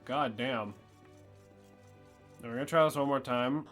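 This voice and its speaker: Bright-voiced man in crude gaming banter. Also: medium pitch, measured pace, faint music behind. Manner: dry, crude joking. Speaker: let's play co-host.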